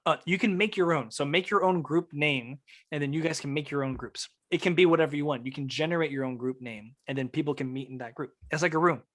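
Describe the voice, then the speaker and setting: Speaking quickly in a voice on the high side, a man teaches a music production workshop by video call. His explanations of the technical details are laid-back and casual, with lots of filler words.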